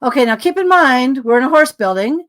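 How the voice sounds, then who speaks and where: A woman, a podcast guest, telling a long story in a rambling, animated way with many asides. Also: sits high, a little fast.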